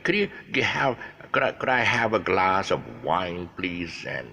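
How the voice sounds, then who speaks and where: A man's voice: low voice, very animated, measured pace, bright, forceful tone, heavily acted. A man voicing a restaurant diner who fumbles his words while ordering in an overly polite way.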